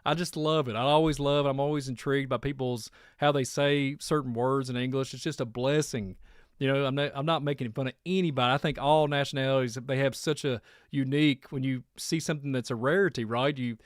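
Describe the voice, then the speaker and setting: This Kentucky host speaks with a country twang in a laid-back, radio-style monologue, wandering off topic and laughing a lot. His mid-range voice is fairly even and a little fast, captured dry with clean studio sound.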